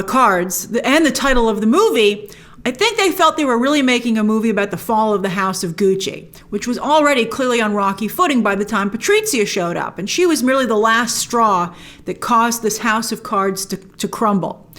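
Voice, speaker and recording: A woman hosting a spoiler movie review, opinionated and animated, acting out lines she quotes. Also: a little high, normal speed.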